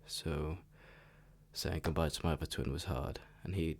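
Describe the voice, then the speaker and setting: A young man rambling casually in a soft, half-whispered ASMR chat, full of fillers and the odd swear word. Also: extremely low pitch, fairly even intonation, moderate pace. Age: young adult. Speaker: ASMR creator.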